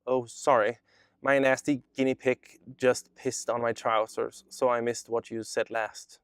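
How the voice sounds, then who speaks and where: A man reading aloud the lines of a chatbot that poses as a Jewish boy from Odessa, in a flat, evenly read delivery. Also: mid-range voice, unhurried, clean tone, no room sound, close to an everyday voice. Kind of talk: reading a chat transcript aloud.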